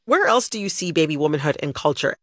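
A woman's voice: low voice, quick pace, no room sound. Chatty podcast host woman, dry sound. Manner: animated, chatty, with frequent "like" fillers. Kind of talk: casual conversational podcast chat.

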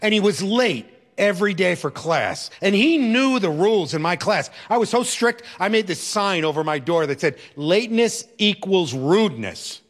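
A man's voice: high-pitched, lively intonation, normal speed, few pauses, fairly bright tone. A middle-aged man and educator telling a personal story in an emphatic, reflective way.

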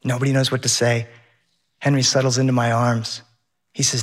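A man telling a personal story on stage to a live audience, animated and lively. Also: medium pitch, a little fast. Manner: animated, shifts into voices of his child and the captain. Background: audience laughter.

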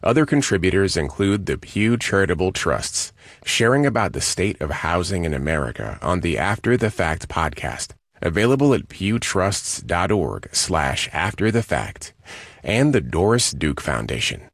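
A male announcer with a very deep voice reads sponsor credits. His delivery is lively yet polished, and the sound is close and dry. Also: normal speed, dry recording. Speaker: radio announcer.

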